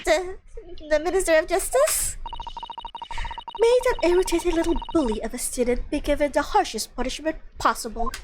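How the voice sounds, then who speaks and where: A woman's voice: high voice, moderate pace, background noise, lightly acted. A woman voicing a haughty, condescending upper-class English lady testifying as a witness. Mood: prim. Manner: condescending, prim and mock-genteel.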